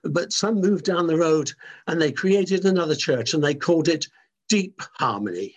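A man preaching a sermon in an animated, emphatic way, often restarting his words. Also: fairly high pitch, moderate pace.

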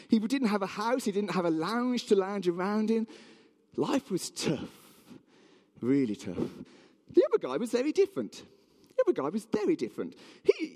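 A man's voice: high voice, in a large hall. A man telling a Bible story in a sermon, acting out the townspeople's voices. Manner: animated, acts out voices of townspeople. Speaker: preacher.

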